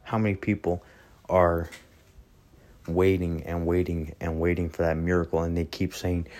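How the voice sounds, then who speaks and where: A man's voice: deep voice, little pitch movement, moderate pace, a little mellow. A man giving an earnest sermon and leading a prayer, repeating phrases for emphasis. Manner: earnest, preaching with repetition. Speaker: preacher.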